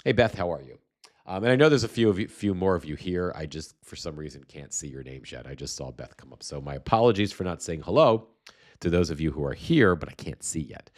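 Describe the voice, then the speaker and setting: A man's voice: deep voice, animated, fairly quick. A man hosting a casual live political commentary stream, sarcastic and rambling with restarts, still getting over a cold with a slight cough. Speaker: livestream host.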